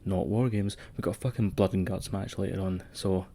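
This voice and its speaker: Male podcast co-host, low mellow tone, sweary rambling banter. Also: fairly even intonation, fairly quick. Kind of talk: casual wrestling podcast chat.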